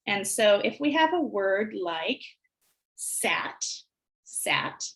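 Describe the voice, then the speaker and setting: A woman presenting a teacher training session, calmly explaining early literacy activities and modeling phrases slowly as if for young children. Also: mid-range voice, rough recording. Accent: American. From United States. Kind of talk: instructional webinar walkthrough.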